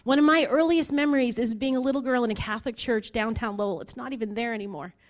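A woman's voice: a little high, fast. A woman in her forties preaching an earnest sermon, building to emphatic appeals. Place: church basement hall.

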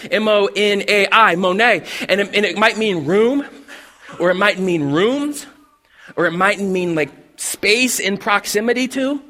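A man preaching a casual, conversational sermon, animated and full of restarts and acted-out asides. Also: high voice. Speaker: pastor.

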